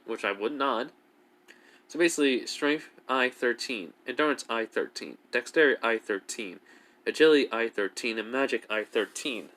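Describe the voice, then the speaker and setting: A man's voice: medium pitch, moderate pace, a bit bright. A man narrating a self-insert fan story off the cuff, rambling and full of filler words.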